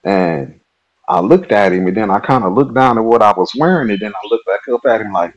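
A man from Nebraska, a podcast guest, telling a personal story in a relaxed, chatty way and laughing at himself. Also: on the low side, brisk, highs cut off. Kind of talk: casual storytelling.

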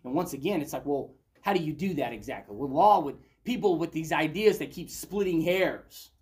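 A man's voice: fairly high pitch, lively intonation, normal speed, a little mellow. A man leading a Bible study, reading passages aloud and commenting on them in a conversational way.

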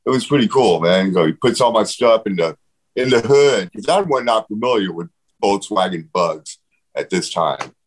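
A man telling stories in a casual interview, animated, swearing freely and acting out what others said. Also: lowish voice, normal speed, low-quality recording. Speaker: guest.

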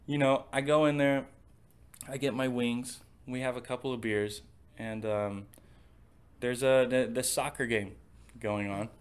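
A man's voice: mid-range voice, steady tone, a little slow, clean tone. Man swearing through a rambling story. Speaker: podcast co-host. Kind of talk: casual chat.

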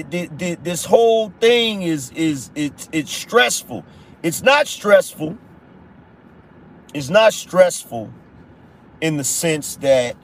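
A man hosts a live political stream in a high voice that swoops up and down. He talks in a slow, drawn-out way, repeats himself for effect, and mocks his critics before bursting into shouts. He uses slang and speaks straight to his chat. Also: slight background noise. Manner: animated, repetitive, mocking, breaks into shouts; slangy, addresses chat as y'all and brother. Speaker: podcast host.

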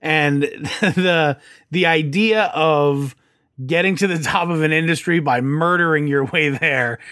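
A man's voice: on the high side, pushed and bright, dry recording. Eager co-host man, dry close sound. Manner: eager, halting with restarts. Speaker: podcast co-host. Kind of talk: casual podcast chat.

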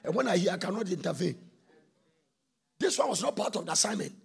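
Shouting one moment and singing the next, an impassioned male preacher moves through his sermon as an animated, fast talker. His voice sits high for a man and carries a heavy gravelly, husky texture.

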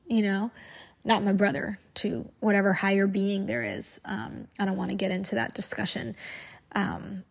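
A woman's voice: medium pitch, normal speed, gravelly, slightly rough. A woman who makes online videos, speaking frankly and emphatically to camera and repeating phrases for force. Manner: frank and outspoken. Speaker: social media creator. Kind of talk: candid to-camera monologue.

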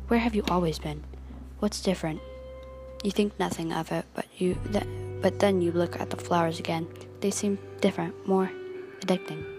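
A young woman telling a story in the second person, dramatic and questioning, with music behind. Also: on the low side.

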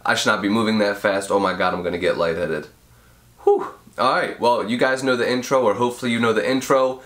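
A man's voice: on the low side, steady tone, a little fast, fairly bright tone. A young man hosting a casual advice podcast while sick with a cold, sniffling and nasal, talking through a mouth he can't fully open. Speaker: podcast host.

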